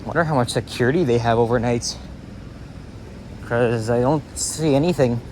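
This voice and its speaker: On a dawn walk through a city street, a Canadian vlogger narrates casually in a mid-range, darkish voice at a moderate pace. His talk rambles with lots of fillers and an occasional swear word, captured by a handheld camera mic with faint street noise outdoors.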